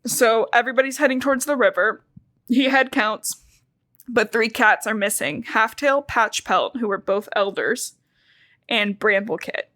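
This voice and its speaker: A woman's voice: a little high, a little slow, fairly bright tone, dry recording, clean studio sound. A young woman co-hosting a podcast, casually retelling a book's plot with swearing and emotion. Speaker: podcast co-host. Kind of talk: casual book recap chat.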